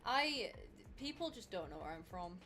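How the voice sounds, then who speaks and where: A woman's voice: lowish voice, very animated, moderate pace, bright, forceful tone. A young woman from the north of England, chatting casually on a cosplay livestream. She rambles and fills her talk with ums and likes. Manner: chatty, rambling with many fillers. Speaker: cosplay streamer. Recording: music playing behind.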